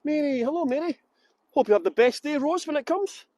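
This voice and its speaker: Brief: Scottish tour guide, middle-aged man, cheeky banter with viewers, phone on a gimbal outdoors, very high pitch. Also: lively intonation, fairly quick, warm tone, no room sound. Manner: cheeky, joking, chatty greetings to viewers. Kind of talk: livestreamed walking tour chat. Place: city streets outdoors.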